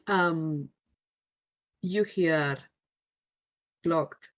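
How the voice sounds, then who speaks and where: A woman's voice: low-pitched, very slow, pauses often. A woman narrating as game master in a tabletop game, hesitant and searching for words, often giggling.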